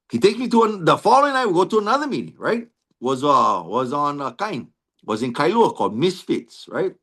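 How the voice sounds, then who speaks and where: Hawaiian-accented man, recovery testimony, raised pitch, lively melody, constant "right?" tags. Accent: Hawaiian Pidgin-inflected English. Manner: tags nearly every phrase with "right?", earnest and repetitive; frequent restarts and stammered repeats. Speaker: recovery meeting speaker.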